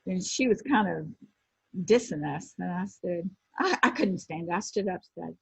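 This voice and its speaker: Husky woman in her sixties telling stories. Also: lowish voice, normal speed, no echo. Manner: animated anecdotes, acting out quoted people. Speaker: guest, former pro wrestler. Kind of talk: casual storytelling interview. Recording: dull lo-fi sound.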